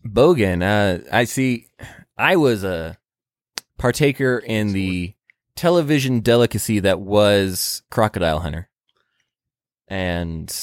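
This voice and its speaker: A man's voice: on the low side, lively intonation, takes it slowly, pauses often, dry recording, clean studio sound. A man co-hosting a podcast, telling rambling jokey stories in casual chat. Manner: joking, rambling storyteller. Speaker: podcast co-host.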